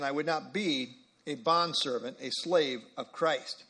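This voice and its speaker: A man's voice: on the high side, expressive, moderate pace, fairly bright tone, slightly rough. A man teaching a Bible study group, emphatic and repeating phrases for stress.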